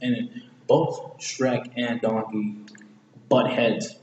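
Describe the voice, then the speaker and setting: A man's voice: medium pitch, flat delivery, slow, darkish tone, highs cut off. A man casually analyzing a movie, rambling, correcting himself often and using slang. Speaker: movie reviewer. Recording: echoey room with long reverb, faint hiss.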